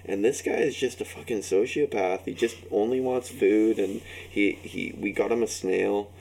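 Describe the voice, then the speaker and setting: A man's voice: lowish voice, steady tone, normal speed, gravelly, darkish tone. A man telling rambling, profane anecdotes in casual group banter, acting out what people said. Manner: rambling anecdotes, swears freely, acts out quotes. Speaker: storyteller in group chat.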